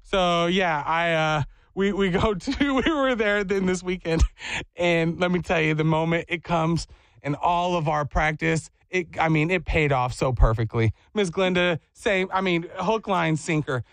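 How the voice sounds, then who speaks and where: A man hosting a radio show, telling a comic story in an animated, laughing, self-mocking way. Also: on the high side, measured pace, no echo.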